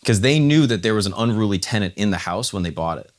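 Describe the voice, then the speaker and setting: A deep-voiced man rattles through a story at a quick clip on a casual podcast. He swears freely and slips into acted-out quotes as he goes. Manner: animated retelling, acts out quotes, swears casually. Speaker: podcast co-host.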